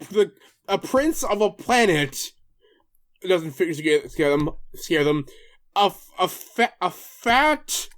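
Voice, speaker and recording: Excitable co-host, lively pitch, swears and laughs mid-sentence. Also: male voice. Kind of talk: comedic fanfic riff.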